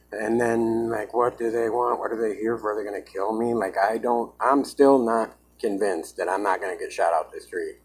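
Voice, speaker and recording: A man's voice: lowish voice, darkish tone, husky, rough recording. A man talking to his own camera in an agitated, emphatic vlog monologue, often saying "man". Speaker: vlogger. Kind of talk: self-recorded vlog monologue.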